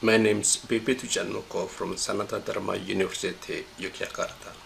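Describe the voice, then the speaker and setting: A man, a university lecturer, giving a recorded pronunciation lesson, explaining slowly and methodically, repeating examples and correcting himself. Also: sits low, little pitch movement, vocal fry, a bit bright, a little hiss or hum, low-quality recording.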